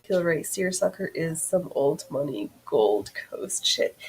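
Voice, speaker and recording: Animated, playful woman with a husky voice. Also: low voice, a little slow, poor audio. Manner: playful, expressive, laughs often. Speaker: host. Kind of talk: casual chat while sewing.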